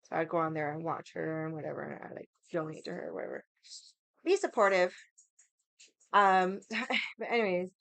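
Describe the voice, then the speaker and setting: A woman's voice: fairly low pitch, no room sound. A woman streamer telling a story in casual chat, profane and rambling, saying "like" constantly. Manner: profane, rambling, heavy use of "like".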